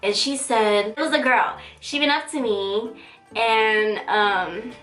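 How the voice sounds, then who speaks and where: Young woman vlogger, bright and high, animated slangy storyteller, echoey room with faint music. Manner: animated, slangy, dramatic retelling with quick pitch jumps. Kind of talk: casual storytime.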